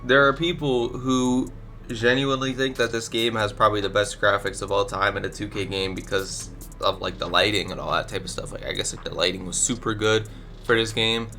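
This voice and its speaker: A man's voice: lowish voice, steady tone, a little fast, sharp tone, faint music behind. A young man with a stuffy nose from allergies, casually rambling his blunt opinions as a gaming YouTuber into a desk microphone. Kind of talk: casual commentary ranking video games.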